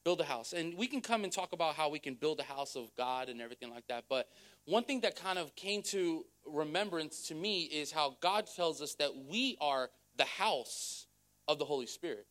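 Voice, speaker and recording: A man's voice: fairly high pitch, animated, moderate pace, fairly bright tone. Casual, chatty male preacher. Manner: conversational, repeats words, asks the crowd. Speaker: pastor. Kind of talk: sermon with testimony.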